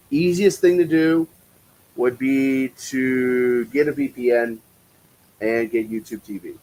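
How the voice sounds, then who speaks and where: Male streamer from the Cincinnati area, mid-pitched, swears freely, and calls plays in a loose, chatty way. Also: warm tone, rough recording. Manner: profane, chatty, reads viewer comments aloud. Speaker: live-stream play-by-play commentator. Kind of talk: casual live-stream commentary.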